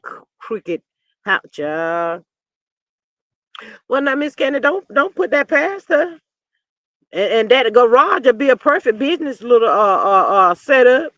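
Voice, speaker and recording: A man hosting a live stream, giving sassy, animated gossip commentary and reading chat comments aloud. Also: very high-pitched, no echo. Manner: sassy and animated, often calling listeners "child". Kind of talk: casual gossip commentary on a reality show.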